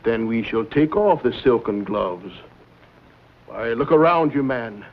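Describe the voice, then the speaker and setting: A man's voice: mid-range voice, lively intonation, unhurried. A suave villain in an old TV western, silky and formal as he delivers his threats. The sound is dull, with faint hiss. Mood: smooth menace. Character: smooth scheming male villain, menacing behind polite manners. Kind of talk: 1950s TV western drama.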